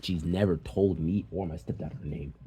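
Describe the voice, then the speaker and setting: A young man casually telling a personal story, animated and swearing freely. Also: low voice, moderate pace. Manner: animated, swearing, tearful at times. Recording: faint background noise.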